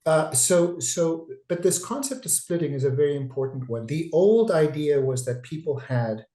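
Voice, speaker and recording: In a rough, reverberant recording, a man who is a psychiatrist talks through a webinar on a video call. His voice is a little high and warm, at a normal speed, and he is talkative and digressive, restarting frequently.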